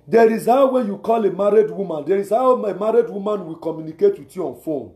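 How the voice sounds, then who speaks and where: A man's voice: high voice, animated, quick pace, mellow. Exhortative Nigerian man, echoey room. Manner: repetitive, exhortative, with rhetorical questions. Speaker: advice speaker. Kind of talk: preachy advice talk.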